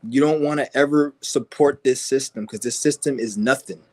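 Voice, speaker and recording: At a moderate pace and with a slightly mellow voice, a man vlogger launches into a hostile, profane rant, swearing and mocking constantly. He parodies people using high, whiny voices.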